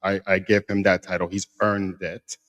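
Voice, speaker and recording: A man with a fairly low voice tells a personal story on a podcast. He is animated and emphatic, and he repeats phrases to drive his point home. The talk is casual and conversational. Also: normal speed, muffled recording. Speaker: podcast co-host.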